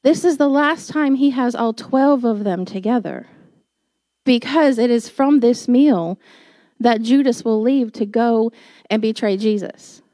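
A woman pastor giving a sermon, telling a personal story in a chatty, animated way and laughing at herself. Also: a little high, measured pace, no room sound.

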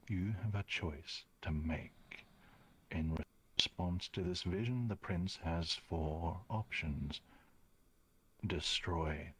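An actor playing a solemn male game narrator, speaking slowly in a hushed voice that often drops to a whisper. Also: sits low, husky, exaggerated voice. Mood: grave announcing. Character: solemn adult male storyteller guiding the players.

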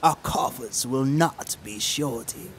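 A man's voice: takes it slowly, natural voice. A man hissing as a sinister monster bus driver. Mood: menacing. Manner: hissing, low and soft.

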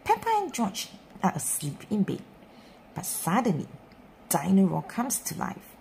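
A woman reading a children's bedtime story aloud in a slow, sing-song storytelling manner. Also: medium pitch, wildly swooping pitch, creaky, darkish tone, a little hiss or hum, rough recording.

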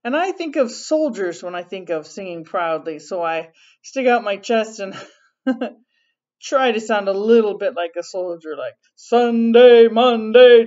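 A woman's voice: mid-range voice, muffled recording. A woman teacher leading a children's circle time, singing and explaining in a cheerful, sing-song way. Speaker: preschool teacher.

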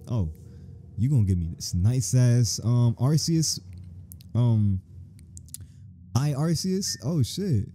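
Husky, excitable gaming YouTuber man. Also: lowish voice, moderate pace. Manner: excitable, joking, profane banter. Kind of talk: casual let's-play commentary.

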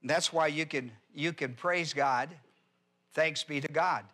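A male pastor teaching a Bible passage in a sermon, slow and deliberate, repeating key words for emphasis. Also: on the high side, pushed and bright.

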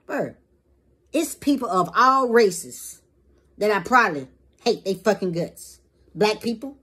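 A woman's voice: mid-range voice, expressive, measured pace, fairly bright tone, slightly rough. A woman vlogger giving a rambling, profane opinion rant to camera in casual street slang.

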